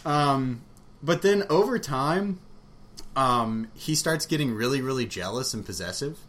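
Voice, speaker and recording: A man in casual, frank conversation about a book, rambling with fillers and quick laughs. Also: mid-range voice, lively intonation, fairly bright tone. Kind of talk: casual chat about books. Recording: faint background noise.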